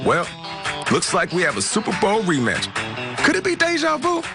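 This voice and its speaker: A man's voice: sits high, wildly swooping pitch, moderate pace, over loud music. A man doing playful narration in a put-on radio DJ voice, with a swooping, exaggerated showman delivery. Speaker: segment narrator.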